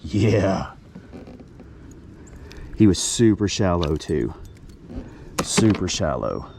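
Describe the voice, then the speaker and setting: A man's voice: low-pitched, sing-song, drawn-out words, creaky, background noise. A man talking casually to the camera while kayak fishing on a river outdoors, chatty and self-deprecating. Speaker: fishing vlogger. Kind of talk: casual outdoor vlog narration.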